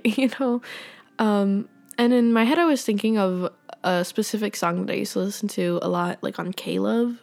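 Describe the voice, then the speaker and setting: A woman's voice: mid-range voice, normal speed, vocal fry, a little mellow. A teenage girl hosting a casual faith podcast, rambling and chatty with many fillers and little laughs. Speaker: podcast host.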